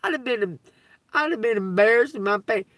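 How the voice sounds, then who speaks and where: A woman telling profane, laughing stories on a casual livestream, breaking into loud outbursts. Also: on the high side, animated, normal speed, no room sound, distant mic. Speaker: livestream host. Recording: dry, from away from the mic.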